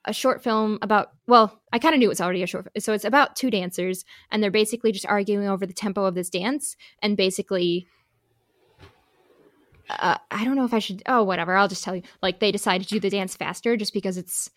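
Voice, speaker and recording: A woman's voice: medium pitch, fast talker, no echo, clean studio sound. A young woman with a Midwestern accent chatting casually, rambling and self-deprecating with many restarts. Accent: Midwestern American. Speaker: actor and pianist. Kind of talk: casual chat.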